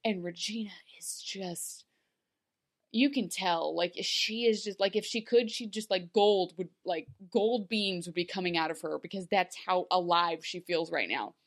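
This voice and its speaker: A woman co-hosting a podcast in casual chat, talking in an animated way with lots of "like"s and quick asides. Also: on the low side. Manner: chatty, animated, many fillers, laughs while talking. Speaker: podcast co-host.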